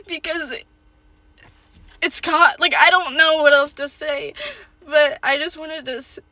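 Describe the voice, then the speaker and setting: A young woman sharing a personal testimony in a halting, rambling way, tearful as she speaks. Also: high voice, steady tone, sharp tone, no echo.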